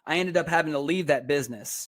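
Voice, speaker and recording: Podcast guest: young Texan man, upbeat and preachy, slightly raised pitch. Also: fast talker. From Texas. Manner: energetic, preachy, laughs often. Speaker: podcast guest, speaker and personal trainer. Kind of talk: casual podcast interview.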